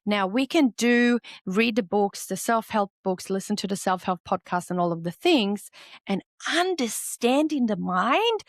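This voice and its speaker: Aussie woman host, solo self-help podcast, blunt and lively, swears a lot, dry close sound. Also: medium pitch, normal speed, hardly any pauses, no echo. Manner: candid and animated, swears freely. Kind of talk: solo motivational podcast talk.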